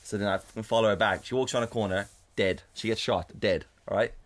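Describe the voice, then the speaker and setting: A man co-hosting a podcast, telling a story in casual chat on a condenser studio mic, animated and swearing often, mimicking his partner in a raised voice. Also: on the low side, a little fast. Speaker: podcast co-host.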